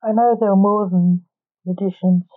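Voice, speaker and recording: A woman's voice: medium pitch, steady tone, moderate pace, narrow, tinny audio, natural voice. A woman voicing a snappish, grim middle-aged male coroner in a read-aloud story. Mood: stern.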